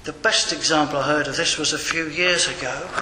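A man's voice: fairly high pitch, fairly even intonation, fairly quick, bright, forceful tone. An older man preaching a sermon in a conversational manner, with wry digressions. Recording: echoey hall with faint room noise.

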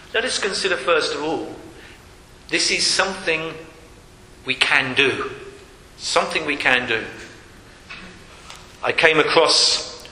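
A man's voice: fairly high pitch, pushed and bright, slight background noise. A man preaching a sermon in a church hall, earnest and repeating key phrases for emphasis. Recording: echoey hall with long reverb.

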